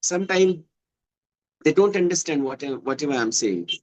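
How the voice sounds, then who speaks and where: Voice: mid-range voice, expressive, moderate pace, a little mellow, rough recording. A speaker with an Indian English accent explaining earnestly in casual conversation practice, repeating points. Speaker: conversation partner.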